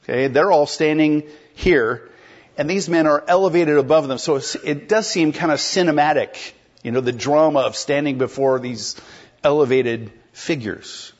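Man, pastor, sermon, husky voice, medium pitch, muffled lo-fi recording. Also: moderate pace. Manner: conversational, explains and asks the congregation questions. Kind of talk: expository sermon.

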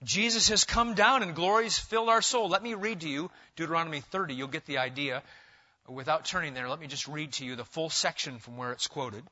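A man with a high, bright voice preaches a sermon, rising to loud emphatic stretches and dropping to quiet asides. The recording sounds dull and lo-fi. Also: fairly quick. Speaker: pastor.

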